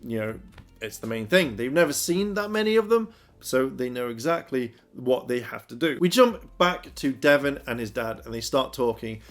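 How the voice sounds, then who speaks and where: A man's voice: medium pitch, lively intonation, moderate pace. Rambling man recapping an episode. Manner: rambling, filler-heavy retelling. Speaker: TV episode reviewer.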